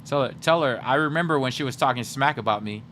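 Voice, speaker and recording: A young man hosting a livestream, chatting casually and teasing his viewers in a joking, animated way. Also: medium pitch, fast, a little hiss or hum. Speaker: livestream host.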